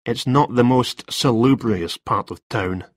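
A man's voice: medium pitch, measured pace, dry recording, studio quality, natural voice. A man voicing a nervous male freelance writer in a story reading, talking in a hesitant, defensive way.

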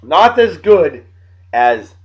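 A man's voice: fairly high pitch, very animated, extremely slow. Brash joking man, dull lo-fi audio. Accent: Texan. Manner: brash, jokey, hyped patter. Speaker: beer show host. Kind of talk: casual beer review vlog. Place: home desk by a computer.

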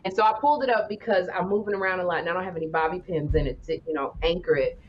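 A woman's voice: fairly low pitch, rapid-fire. Playful, laughing woman co-host in casual chat; muffled sound, faint noise. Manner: chatty and playful, full of laughs. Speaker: podcast co-host.

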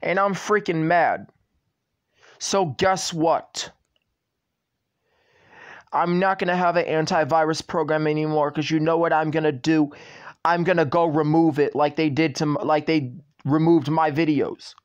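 High-voiced man ranting in a vlog. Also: fairly even intonation, measured pace, long pauses, smooth, dull audio. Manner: repetitive, swearing, ranting address to YouTube. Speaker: channel owner. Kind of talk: vlog rant to camera.

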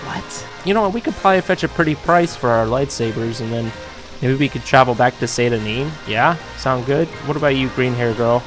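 A man giving excitable let's-play commentary, riffing as he explores a video game, with sudden jumps in pitch. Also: a little fast. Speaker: gaming YouTuber. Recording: game music behind.

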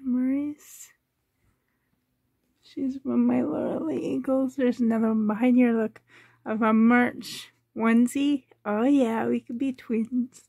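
Woman vlogger, high-ish voice, unhurried, soft and doting with whispered asides, dry close sound. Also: fairly even intonation, creaky, breathy edge, no room sound. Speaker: doll collector vlogger. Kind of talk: casual show-and-tell chat. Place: home bedroom. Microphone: handheld camera.

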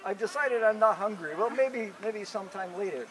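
A man's voice: high voice, animated, moderate pace, fairly bright tone, a little hiss or hum. A man voicing a big male grizzly bear in a told folk tale, hesitant and stammering with nerves. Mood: evasive.

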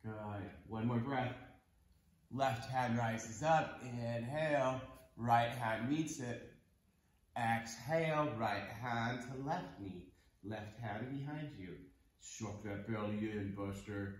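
Guy teaching kids yoga at home, slow easy pace, roomy echo, lots of encouragement. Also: mid-range voice. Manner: encouraging and playful, counts breaths. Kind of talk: guiding a kids yoga class. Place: home room.

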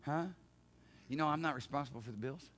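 A man preaching a sermon from a church pulpit in a folksy way, with rhetorical questions, dropping to low murmurs and then rising to loud, shouted emphasis. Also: quick pace. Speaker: pastor. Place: church sanctuary.

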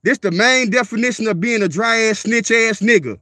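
A man's voice: sits high, brisk, bright, forceful tone, no room sound, clean studio sound. A man, a dog breeder ranting on a livestream in a profane, confrontational way, repeating himself as he calls out a viewer. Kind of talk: livestream rant.

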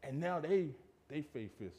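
A man preaching a sermon in a church, emphatic and full of rhetorical questions, dropping from loud to hushed. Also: a little high, sing-song, unhurried. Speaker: pastor. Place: church sanctuary.

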